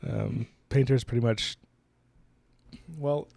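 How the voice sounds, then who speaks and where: A man of average pitch co-hosting a book podcast in casual chat. He retells the plot at length, acting out the characters' lines. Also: takes it slowly, gravelly, mellow.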